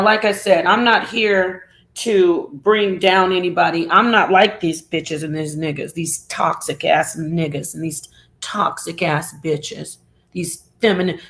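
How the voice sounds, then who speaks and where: A woman's voice: on the low side, a bit bright. Heated, emphatic middle-aged woman. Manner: emphatic, repetitive, heated, profane. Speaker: show regular and commentator. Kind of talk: impassioned online monologue.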